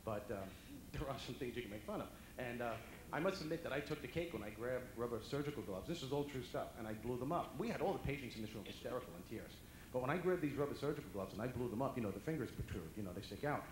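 A male comedian telling animated stand-up stories to a dinner audience, often jumping into loud character voices. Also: mid-range voice, fast talker. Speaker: comedian and motivational speaker. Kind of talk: stand-up storytelling. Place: banquet hall before a dinner audience. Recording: echoey hall with audience noise.

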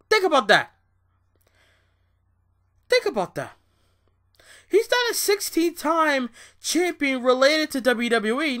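A young man ranting in a show review, profane and exasperated, jumping from loud outbursts to low, bitter muttering.

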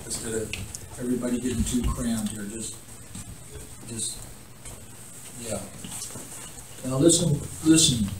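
A man's voice: medium pitch, unhurried, pauses often, a little mellow. A man, the church pastor, directing the congregation and preaching about the last days. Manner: calls out amens, then directs the congregation. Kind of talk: sermon response and altar call. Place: church sanctuary. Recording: echoey hall from far off, noisy.

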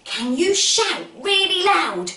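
A woman's voice: very high voice, very animated, slow, bright, forceful tone, recorded from a distance. A woman leading a music session for toddlers, singing rhymes and telling a story in a coaxing, sing-song way straight to the children. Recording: echoey room, voice away from the mic. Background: guitar music.

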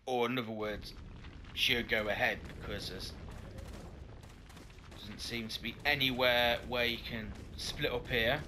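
A man's voice: mid-range voice, fairly even intonation, a little slow, pauses often, noisy background. A man giving casual, sweary, sarcastic gameplay commentary into a headset mic. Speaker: let's play host.

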